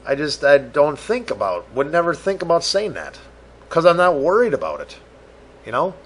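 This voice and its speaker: Podcast guy going off on a rant, swears a lot, plays both sides of the argument, kinda high voice. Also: very animated, moderate pace, slightly rough. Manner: profane, exasperated, acts out both sides of imagined conversations. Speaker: podcast host.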